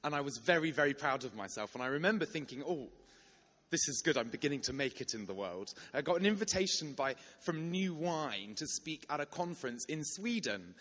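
A young man in his twenties preaching a sermon built around a personal story, told with animated energy and many restarts. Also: on the high side, brisk, in a large hall.

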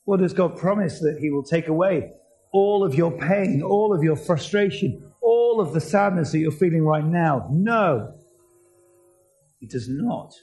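A man's voice: a little high, animated, measured pace, a little mellow, faint music behind, poor audio. A man preaching a sermon, earnest and asking his listeners many questions.

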